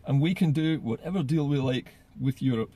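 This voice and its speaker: A man's voice: mid-range voice, brisk, warm tone. A man giving solo political commentary in an earnest way, often repeating words as he gathers his thoughts.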